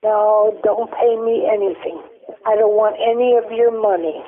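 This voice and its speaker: A woman's voice: medium pitch, fairly even intonation, unhurried, slight background noise. An older woman, a grandmother, chatting casually and answering with curt, unimpressed replies over a tinny phone-like line. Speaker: guest, host's grandmother. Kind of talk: casual chat, playful role-play.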